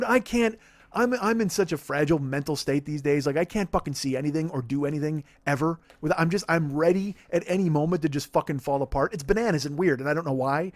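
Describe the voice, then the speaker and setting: A podcast host in his forties launches into a casual comedic rant that is profane, self-deprecating and rambling. His voice sits fairly high, and the recording has a dry, close-mic studio sound with no echo.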